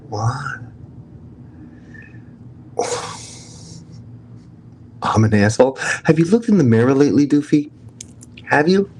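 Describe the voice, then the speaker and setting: A man's voice: mid-range voice, sing-song, slow, long pauses, darkish tone, slight background noise, rough recording. A man with a strong New York accent, hosting a casual livestream chat, brash and profane as he jokes with his viewers. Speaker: livestream host.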